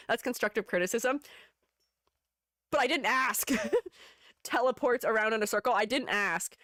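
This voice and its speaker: A woman's voice: a little high, a little slow, pauses often, bright, forceful tone, no room sound, clean studio sound. A woman streamer chatting casually and rambling with her audience, giggling often. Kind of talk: casual live-stream chat.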